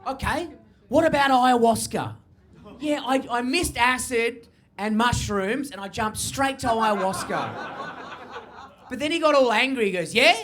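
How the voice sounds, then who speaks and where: A man with an Australian accent performing a stand-up set into a handheld mic, with loose, high-energy storytelling. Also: expressive, a little slow, a bit bright, faint music behind. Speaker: stand-up comedian.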